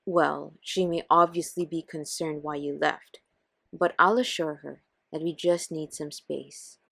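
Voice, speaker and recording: A woman voicing a stern, low-toned husband. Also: fairly even intonation, unhurried, creaky, fairly bright tone, no room sound, clean studio sound, heavily acted. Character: stern, betrayed husband and father. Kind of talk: scripted text-story narration.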